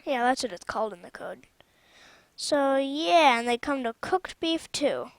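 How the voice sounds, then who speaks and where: A woman with a high voice talks slowly and loosely through gameplay commentary on a mod she built. She rambles and often stops mid-sentence to correct herself. The sound is dry and close, with no room echo. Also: expressive. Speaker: channel host showing her own game mod.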